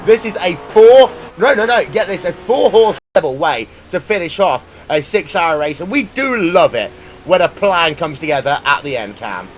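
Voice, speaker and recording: A man's voice: on the high side, expressive, a little hiss or hum. Jokey male race commentator. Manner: jokey, brisk play-by-play. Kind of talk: live sim racing commentary.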